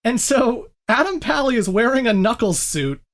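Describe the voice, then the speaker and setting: Animated woman retelling a show. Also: fairly high pitch, moderate pace. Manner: animated, laughs while retelling scenes. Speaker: podcast co-host. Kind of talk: casual chat.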